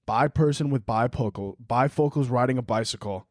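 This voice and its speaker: A man's voice: medium pitch, a little fast, no room sound, clean studio sound. Rambling, profane young man. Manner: rambling, profane, goofy riffing. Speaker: podcast host. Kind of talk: solo podcast rambling. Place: room at home, late night.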